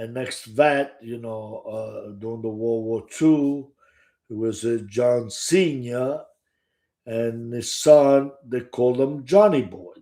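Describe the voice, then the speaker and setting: An older Sicilian author and storyteller speaks to the camera with a Sicilian Italian accent, his medium-pitched voice creaky and darkish. He tells his stories casually in the first person, rambling, restarting often and swearing freely.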